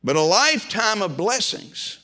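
A man's voice: high-pitched, big pitch swings, measured pace, sharp tone. A middle-aged man preaching a sermon with impassioned delivery, often repeating and restarting words as he goes. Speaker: pastor.

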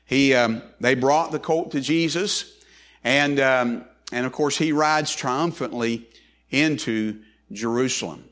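A man's voice: mid-range voice, slow, fairly bright tone. A man preaching a sermon as pastor, folksy and loose, with frequent restarts and repeated words.

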